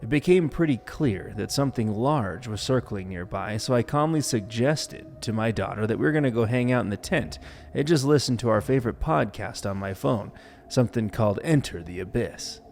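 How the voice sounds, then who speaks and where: A man co-hosting a podcast, reading a story and making deadpan jokes. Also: mid-range voice, normal speed, gravelly. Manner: joking, deadpan asides. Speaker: podcast co-host. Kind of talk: reading stories aloud with banter.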